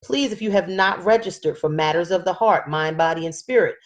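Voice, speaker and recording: A woman's voice: fairly low pitch, fairly quick. A woman hosting a casual live-stream health talk as a wellness coach, chatty and encouraging as she greets viewers by name and reads out their comments.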